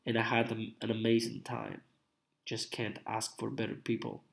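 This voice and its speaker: A man from Italy with an Italian accent, whose first language is Italian, sounding sick as he chats slowly and repetitively on a live stream. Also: on the low side, completely flat delivery, vocal fry. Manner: slow, repetitive, drawn-out. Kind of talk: casual live stream chat.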